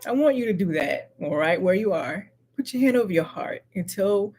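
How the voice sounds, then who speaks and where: Earnest middle-aged woman giving slow affirmations. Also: medium pitch, animated, a little mellow, husky. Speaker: live-stream host. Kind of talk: motivational live-stream talk.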